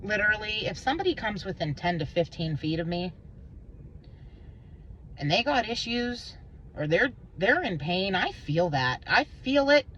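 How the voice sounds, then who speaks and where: A woman vlogging an emotional personal monologue, intense and rambling, swearing and swinging between low and high pitch. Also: big pitch swings, moderate pace, long pauses, a bit bright, lo-fi sound, a little hiss or hum.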